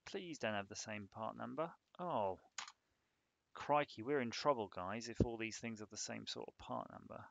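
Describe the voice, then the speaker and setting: A man's voice: mid-range voice, moderate pace, vocal fry, a bit bright, muffled recording. A man on a casual live stream, rambling and joking while he thinks aloud about a hardware design.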